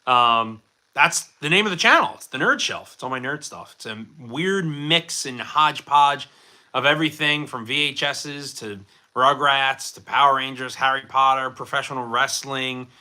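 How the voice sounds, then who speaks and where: A man runs a casual livestream, responding to viewers in a meandering, filler-heavy way, joking about himself as he goes. His voice is medium in pitch, pushed and bright, with a measured pace.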